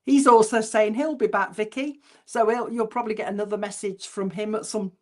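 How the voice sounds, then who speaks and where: Giving clairvoyant messages at a church service, the medium talks in a casual, chatty way. Her pitch is medium and her intonation fairly even. She relays what she receives by slowly repeating it.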